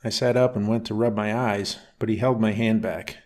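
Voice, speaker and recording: Calm man reading a bedtime story. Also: on the low side, normal speed.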